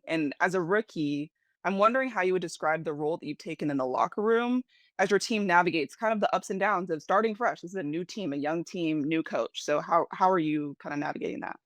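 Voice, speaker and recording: A woman's voice: on the low side, no echo. Encouraging woman sports interviewer. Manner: warm-up phrasing, encouraging, many "like" fillers. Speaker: interviewer, podcast co-host. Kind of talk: conversational interview questions.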